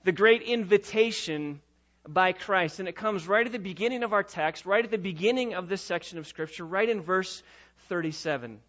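High-voiced preaching pastor, lo-fi. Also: male voice, normal speed. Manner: preaching with rising and falling intensity, sometimes loud. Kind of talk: sermon.

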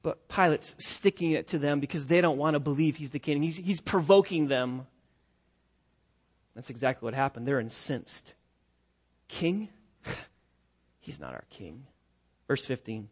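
Male preacher, high voice, emphatic and repetitive, dull lo-fi recording. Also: normal speed. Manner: emphatic, repetitive, rhetorical questions. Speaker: pastor. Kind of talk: expository sermon.

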